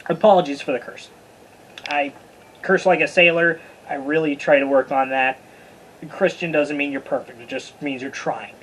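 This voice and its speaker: A Bible study teacher giving a casual, informal lesson, chatty and stumbling over hard names, with a husky voice. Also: mid-range voice, steady tone, normal speed, fairly bright tone, a little hiss or hum, rough recording.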